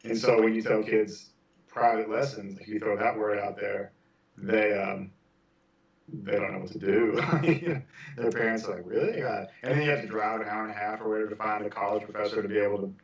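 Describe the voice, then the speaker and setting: A man's voice: on the low side, steady tone, brisk, creaky. A man who teaches percussion, chatting casually on a podcast in a rambling way with lots of fillers. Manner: rambling, many "you know" fillers. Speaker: percussion instructor. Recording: echoey, distant, dull sound.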